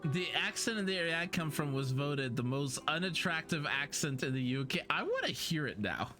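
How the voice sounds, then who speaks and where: A woman's voice: low-pitched, very animated, normal speed, over music. Giggly English streamer woman. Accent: southern English. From England. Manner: giggly, chatty, self-deprecating, lots of restarts. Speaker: game streamer. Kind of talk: casual live-stream chat.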